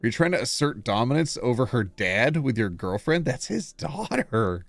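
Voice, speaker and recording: Male streamer, casual and very animated, laughs a lot and plays up mock outrage. Dry close mic, faint music underneath. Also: medium pitch, normal speed, gravelly, no echo. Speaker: streamer reading posts. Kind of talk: casual live-stream reaction reading.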